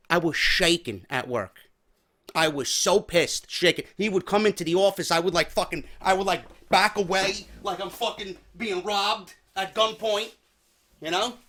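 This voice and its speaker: A man's voice: high-pitched, very animated, normal speed, a bit bright. A man from New York hosting a podcast, telling a story in a profane, heated, exasperated rant. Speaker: podcast host. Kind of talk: ranting storytelling.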